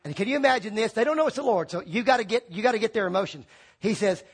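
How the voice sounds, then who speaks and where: A man preaching a lively sermon, acting out quoted voices and shouting for emphasis. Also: high voice, rapid-fire, slightly rough.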